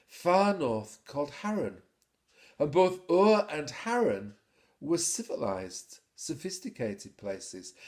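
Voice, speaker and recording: A man narrating a story in a measured, expressive storytelling way. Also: on the high side. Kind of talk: scripted narration.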